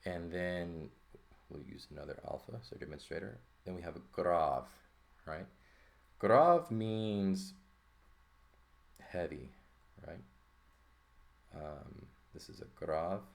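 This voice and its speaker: A man's voice: extremely low pitch, creaky. A man teaching a textbook lesson in a loose, thinking-aloud way, full of fillers and "right?" checks. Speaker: Greek teacher. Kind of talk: informal lesson walkthrough.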